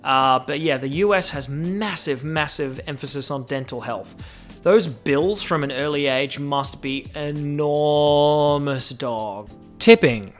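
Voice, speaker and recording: A young man with an Australian accent hosts a solo podcast and speaks on the higher side for a man. His delivery is animated and jokey, and he stretches out words as he runs through lists. A bit of soft music plays underneath. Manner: animated, joking, drawn-out stresses on lists. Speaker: podcast host. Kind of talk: casual solo podcast monologue.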